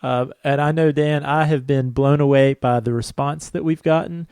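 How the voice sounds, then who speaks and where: A man's voice: a little high, steady tone, normal speed, a little mellow, clear, resonant tone, no echo, clean studio sound. A man co-hosting a casual podcast, chatty and friendly, often laughing. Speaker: podcast co-host.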